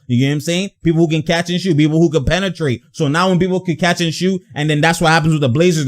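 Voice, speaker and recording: A young man giving casual, animated commentary while reacting to a basketball game, slangy and laughing often. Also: a little high. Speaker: sports commentator.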